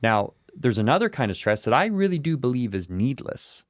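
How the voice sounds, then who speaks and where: A man's voice: medium pitch, sing-song, brisk, no echo, clean studio sound. A man co-hosting a podcast who muses in casual talk and repeats short phrases as he works through an idea. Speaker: podcast co-host. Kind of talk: casual reflective chat.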